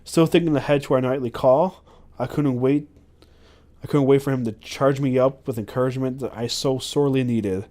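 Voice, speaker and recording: A man's voice: mid-range voice, fairly even intonation, normal speed, dark tone. A man hosting a podcast, reading a memoir aloud with frequent stumbles and self-corrections. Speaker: podcast host.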